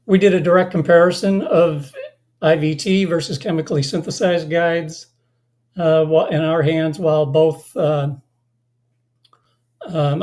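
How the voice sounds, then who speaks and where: Webinar presenter, mellow tone, a bit hoarse, halting delivery full of fillers. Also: medium pitch. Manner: halting, many filler sounds and restarts. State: slightly hoarse, losing voice. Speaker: company presenter.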